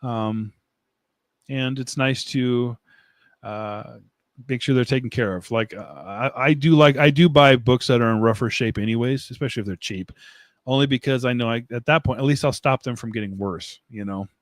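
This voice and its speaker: A man's voice: mid-range voice, normal speed, dry recording, studio quality. Rambling, laughing man hosting a live stream. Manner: rambling and self-mocking, laughs often, answers chat comments. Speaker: livestream host. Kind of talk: casual live-stream chat. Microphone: desk mic, streaming setup.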